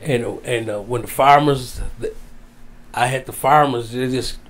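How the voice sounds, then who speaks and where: An older man sits as an interview guest and tells a heartfelt story. He rambles and repeats his phrases in a plain, mid-pitched voice. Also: fairly even intonation, measured pace. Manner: rambling, repeats phrases, Southern-style casual grammar. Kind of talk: emotional storytelling.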